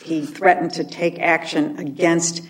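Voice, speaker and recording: Female appellate judge, very low pitch, skeptical, distant and slightly noisy. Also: flat delivery, measured pace. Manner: skeptical and direct. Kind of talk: judge questioning counsel. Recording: distant mic with faint noise.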